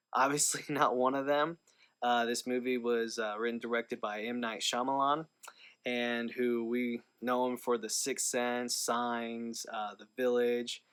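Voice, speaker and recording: A man's voice: medium pitch, a bit bright. A man talking casually to camera in a movie review vlog, rambling with lots of fillers and restarts.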